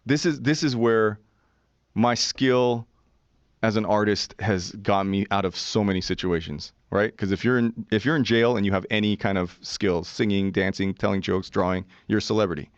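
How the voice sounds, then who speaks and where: A man in his forties telling a story as a podcast guest, animated and profane, acting out what others said. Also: on the low side, moderate pace, no echo, lo-fi sound. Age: 40s. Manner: animated, profane storyteller who acts out quotes. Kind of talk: casual storytelling.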